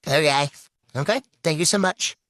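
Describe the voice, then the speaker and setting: A man's voice: a little high, normal speed, a bit bright. A young man playing a patient, apologetic residence hall staffer in comedy phone skits. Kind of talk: comedic phone-call skit.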